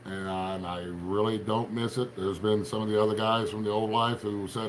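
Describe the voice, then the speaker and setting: A middle-aged man with an Appalachian accent, from Appalachian Ohio, hosts a livestream, chatting casually, rambling folksily, and greeting viewers by name. He speaks fairly quickly in a mid-range voice with fairly even intonation, over a little hiss or hum.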